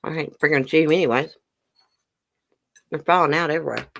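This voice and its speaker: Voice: mid-range voice, brisk, gravelly, a bit bright, slight background noise. A livestream host in a casual trivia chat, reading questions aloud and answering viewers' guesses while chewing on a snack. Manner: talks while chewing a brownie.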